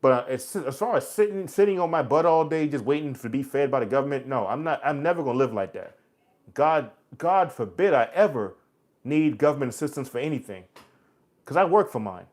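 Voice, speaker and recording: A man's voice: medium pitch, expressive, fairly quick, a little mellow. Blunt, preachy man in his forties. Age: 40s. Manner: blunt, preachy street talk with "bro" and "man". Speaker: livestream host. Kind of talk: casual live chat reading comments.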